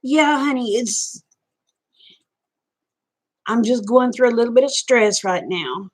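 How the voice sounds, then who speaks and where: A woman's voice: on the high side, slow. A woman chatting casually with viewers on a live stream, folksy and talkative. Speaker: vlogger.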